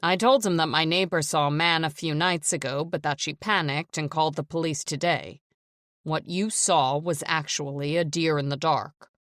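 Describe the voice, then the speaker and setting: A woman's voice: sits low, fairly even intonation, normal speed, a bit bright, no echo, studio quality. A woman reading an audiobook, voicing a cold, stern, controlling man who gives orders. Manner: stern, commanding.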